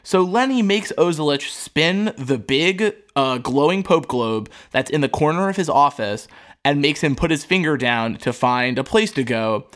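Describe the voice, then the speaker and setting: A podcast co-host, a man, casually recaps a TV show, laughing as he acts out the characters' lines. His voice is fairly high and a bit bright, with lively intonation at a moderate pace.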